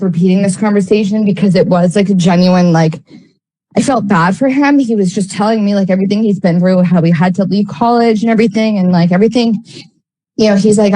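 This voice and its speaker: A woman's voice: mid-range voice, mellow, low-quality recording. A woman telling a story in casual livestream talk, rambling with many fillers, swearing, and getting heated.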